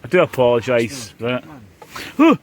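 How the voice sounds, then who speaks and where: A man's voice: mid-range voice, big pitch swings, normal speed. A middle-aged Scottish man chatting casually on a camping vlog inside a hot tent, jokey with playful outbursts. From Scotland. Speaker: vlogger.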